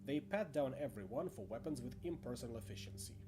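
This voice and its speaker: A man's voice: medium pitch, expressive, fairly quick. A man narrating a tabletop horror game as game master, with chatty asides and stumbles over names. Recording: music playing under voice.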